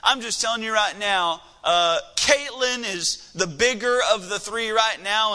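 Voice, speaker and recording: A pastor with a high-pitched, pushed and bright voice preaches in a church sanctuary, telling a family story conversationally with fillers. The long reverb of a large hall carries his words.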